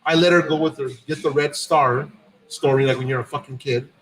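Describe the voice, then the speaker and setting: A man's voice: on the high side, a little fast, a little hiss or hum, low-quality recording. A man hosting a podcast, telling a long profane story in a casual way and acting out the dialogue. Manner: profane, animated anecdote-telling with quoted dialogue. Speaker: podcast host.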